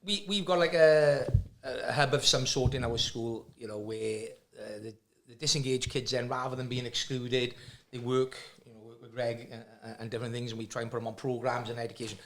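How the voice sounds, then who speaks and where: A Welsh man hosting a podcast, telling stories in casual chat with lively swearing. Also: medium pitch, brisk, hardly any pauses, reverberant, slight background noise. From Wales. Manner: animated storytelling, swearing freely. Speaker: podcast host.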